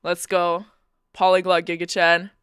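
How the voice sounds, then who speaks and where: A woman's voice: fairly low pitch, monotone, unhurried, fairly bright tone, clean tone, no room sound, clean studio sound. A young woman chatting casually with her live-stream audience, playful and teasing, laughing often. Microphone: Bluetooth headphones.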